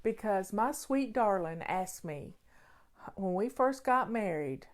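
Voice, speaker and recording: A woman's voice: medium pitch, expressive, takes it slowly. A woman hosting a casual question-and-answer show on home organizing, talking in an emphatic, folksy way and repeating key phrases.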